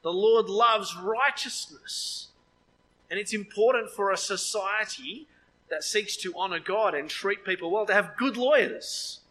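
A man preaching a sermon, lively with joking asides, his voice leaping up when he quotes. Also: high voice, unhurried, a little hiss or hum, rough recording.

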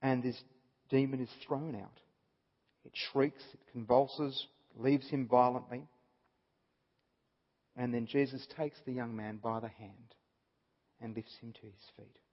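A man's voice: mid-range voice, steady tone, measured pace, long pauses. A man giving an earnest Bible study talk, explaining a passage and stressing points by repeating them. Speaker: Bible teacher. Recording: dull audio with long reverb.

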